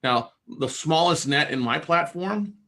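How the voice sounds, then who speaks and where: A man hosting a podcast talks casually with a bright, forward tone. He rambles, restarts his sentences and stretches out long metaphors as he explains. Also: fairly high pitch, animated, measured pace. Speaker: podcast host.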